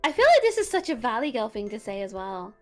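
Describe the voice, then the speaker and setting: A woman's voice: fairly high pitch, big pitch swings, quick pace, soft background music. A British woman chatting playfully as a guest on a casual stream.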